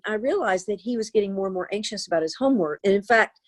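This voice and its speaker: An older woman who is a therapist and author tells a personal story during an interview, earnest and animated. She has a mid-range voice and talks fast.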